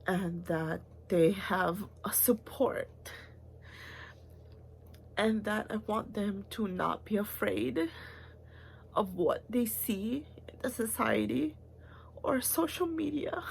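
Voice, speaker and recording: Gravelly, slow-talking young woman. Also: mid-range voice, a little hiss or hum. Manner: rambling and heartfelt, many fillers and restarts; emotional, at times close to tears. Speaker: vlogger. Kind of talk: personal confessional vlog.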